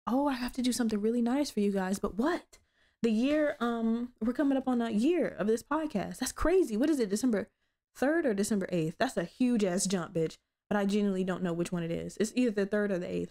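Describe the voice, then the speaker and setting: A young woman hosting her own podcast, telling stories in a blunt, profane, animated way. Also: fairly high pitch. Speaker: podcast host. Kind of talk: casual solo podcast chat.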